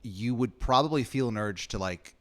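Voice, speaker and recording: A man running a comedic improvised story game in a rambling, deadpan way, swearing casually. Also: medium pitch, normal speed. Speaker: game master.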